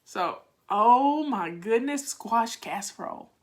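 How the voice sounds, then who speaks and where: An older woman who vlogs on home organizing chats casually with her live viewers, talkative and folksy as she answers their comments. She goes slowly, with a fairly high pitch and lively intonation.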